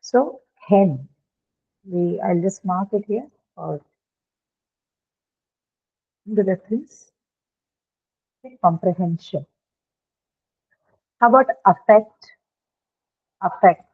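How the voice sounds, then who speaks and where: A woman's voice: medium pitch, slow pace, creaky, pauses often, breathy edge. A woman teaching English pronunciation in a class, explaining patiently step by step and often checking with her students. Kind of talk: online classroom lecture. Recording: tinny phone-like line.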